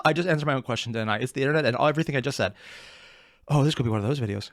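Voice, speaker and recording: A man's voice: mid-range voice, very fast, no echo. Incredulous man reacting, dry close mic. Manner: incredulous, blunt, swears freely. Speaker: reaction video host. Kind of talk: casual reaction commentary.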